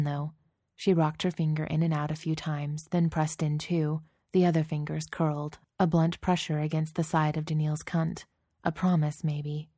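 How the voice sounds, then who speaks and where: A woman narrating a scripted story in a steady, intimate reading voice, close to the mic. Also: low-pitched, no room sound.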